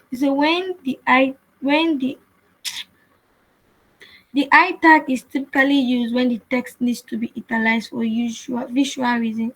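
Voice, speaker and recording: Woman, coding instructor, husky airy tone, patient repetitive explaining, tutorial narration. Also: on the high side, low-quality recording. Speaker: web development instructor. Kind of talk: screen-share coding tutorial.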